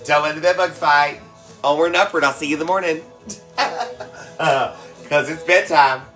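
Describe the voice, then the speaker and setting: A woman's voice: deep voice, steady tone, normal speed, fairly bright tone, faint music behind. A woman hosting a casual cooking livestream from home, teasing and laughing often as she chats. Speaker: cooking livestream host and mom. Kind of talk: casual live-stream chat. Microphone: phone.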